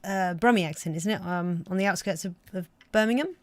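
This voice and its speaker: A woman's voice: on the low side, a little fast, darkish tone, no room sound. Female co-host, playful, giggly, dry close sound. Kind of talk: casual chat show banter.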